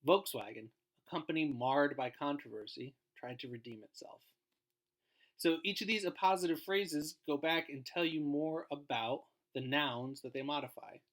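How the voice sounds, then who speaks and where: A man's voice: on the high side, moderate pace. A man giving a recorded grammar lesson as a guest teacher, explaining in an informal way and trailing off at the ends of phrases.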